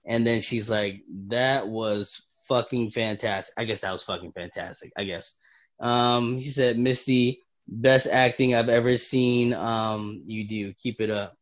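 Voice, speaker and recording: A man co-hosting a comic book podcast, excitable and swearing often, acting out the characters' lines loudly. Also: fairly low pitch, unhurried. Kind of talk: casual podcast chat.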